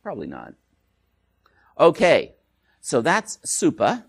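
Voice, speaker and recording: A man's voice: on the high side, huge pitch swings, slow, vocal fry, slightly rough. A male lecturer giving an academic talk in a joking way, with frequent restarts and "right?" tag questions.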